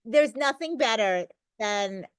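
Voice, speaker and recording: A woman's voice: fairly high pitch, expressive, slow, clean tone, no room sound. Talkative, emphatic middle-aged woman. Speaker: podcast guest. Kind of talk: conversational interview.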